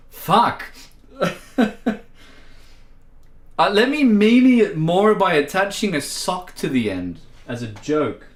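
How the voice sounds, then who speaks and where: Giggly Irish man, lively pitch. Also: slow pace, pauses often. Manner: giggly, playful, laughs often. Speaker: livestreaming musician. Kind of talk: casual livestream chat. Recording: roomy echo.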